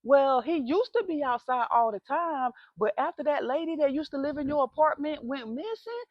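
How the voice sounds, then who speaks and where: A woman voicing a nosy, gossiping older woman neighbor who calls people honey, talking in a drawn-out way. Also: sits high, lively intonation, no room sound, muffled recording, voice pushed up. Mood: gossipy.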